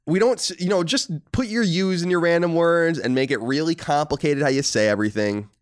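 A man's voice: on the high side, a little fast, smooth. An American man co-hosting a casual podcast, reading listener mail aloud with mock-indignant joking. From United States. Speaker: podcast co-host.

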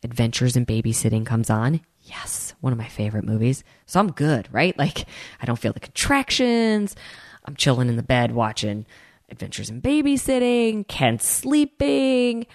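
A woman telling her own story in a casual, animated way, acting out the people she quotes and speaking straight to her listeners. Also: rumbling low, moderate pace, dry recording, clean studio sound. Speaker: host telling a personal story.

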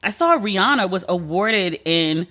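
Woman host, solo podcast, frank and opinionated, bright forward voice. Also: mid-range voice, lively intonation, a little slow. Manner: candid, opinionated, slangy. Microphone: podcast mic.

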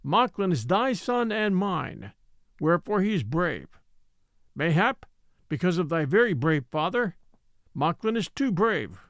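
A man voicing a patient old native man who tells his story slowly and solemnly in formal, old-fashioned speech. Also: sits high, very animated, a bit bright, dry recording, clean studio sound, heavily acted.

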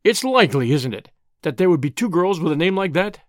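A man reading an audiobook, voicing a clever young woman who answers with sweet, poised, teasing calm. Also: a little high, brisk, no echo, clean studio sound. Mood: coy. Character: clever, cheeky young woman, coolly bluffing.

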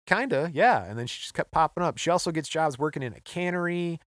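A man's voice: fairly high pitch, animated, fast talker, a bit bright, no echo. Guy podcast host telling a story, jokey and offhand, dry sound. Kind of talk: casual chat.

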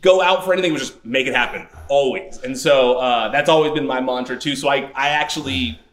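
A man's voice: medium pitch, fairly quick, roomy sound. A man hosting a podcast in a casual interview chat, asking curious questions and laughing easily. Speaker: podcast host.

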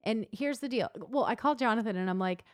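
A woman in her thirties tells a story in casual chat, acting out each line of it with quick shifts of voice. Her voice sits on the higher side, and the recording is dry and close. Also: clean tone, no echo. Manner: animated storyteller, acts out quotes.

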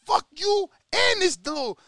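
A man voicing an angry, streetwise veteran male boxer who curses and shouts in street slang. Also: extremely high pitch, sing-song, measured pace, dry recording, clean studio sound, pitched above the performer's own voice, exaggerated voice.

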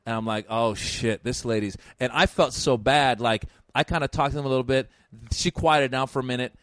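A man's voice: mid-range voice, a little fast, a bit bright, dry recording, studio quality. A man from Iran, a stand-up comedian, telling stories in casual podcast chat with lots of restarts and repeated words.

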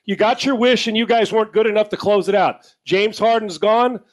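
A middle-aged man on a sports talk show with a notably high-pitched voice, ranting hard. He swears freely and plays out mock back-and-forth exchanges to make his point. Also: brisk. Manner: profane, blunt, ranting with mock dialogue. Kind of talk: heated sports talk rant.

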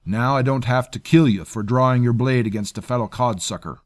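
A man's voice: mid-range voice, brisk, pitched above the performer's own voice, natural voice. A man voicing a menacing male mercenary captain who barks orders and growls threats. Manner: menacing, commanding.

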